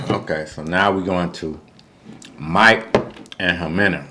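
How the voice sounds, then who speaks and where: A man co-hosting a casual reality TV recap, animated and slangy, jumping into a high voice to act out quotes. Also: slow, background noise. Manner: informal, slangy. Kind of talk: casual recap chat over a meal.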